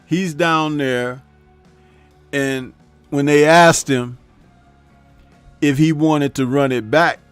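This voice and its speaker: A man's voice: a little high, steady tone, takes it slowly, long pauses, smooth, dry recording, soft background music. Chatty man hosting a live stream. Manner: laughs at his own jokes, keeps tagging remarks with "huh?"; reads viewer chat aloud and talks back to it. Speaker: host. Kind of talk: casual live-stream commentary.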